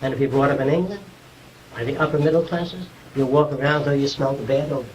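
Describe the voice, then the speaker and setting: A man's voice: fairly high pitch, fast, recorded from a distance, a little hiss or hum, low-quality recording. A man giving an informal, conversational lecture to a small group, explaining ideas and checking whether his listeners follow.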